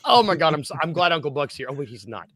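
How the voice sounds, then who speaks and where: A man's voice: fairly high pitch, sing-song, quick pace, a bit bright, dry recording. A man hosting a casual sports podcast, jokey and self-deprecating, rambling through his points. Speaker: podcast host.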